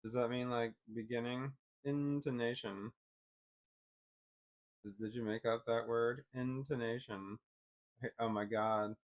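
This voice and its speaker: A man casually thinking aloud, reading definitions off a screen in a halting, self-deprecating way. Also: mid-range voice, steady tone, muffled recording. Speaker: vlogger.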